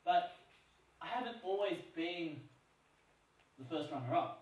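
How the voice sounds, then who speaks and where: In a large conference hall, a keynote speaker gives a funny talk full of playful stories that get laughs. He is a man with a voice on the high side and a darkish tone, speaking in an animated, unhurried way. The dull audio was captured from a distant mic in an echoey hall.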